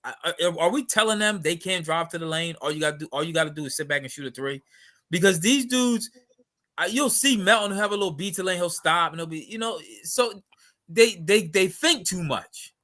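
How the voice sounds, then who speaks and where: A man's voice: high voice, bright, forceful tone. A man co-hosting a podcast, breaking in often and repeating words as he debates. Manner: halting, repeats words, interrupts. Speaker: podcast co-host. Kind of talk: heated sports debate.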